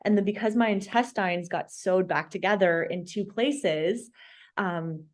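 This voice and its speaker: A woman in her thirties tells a personal story as a podcast guest. She talks casually with plenty of animation and laughs at her own misfortunes, and her pitch sits in a middle range. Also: measured pace. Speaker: podcast guest, registered dietitian.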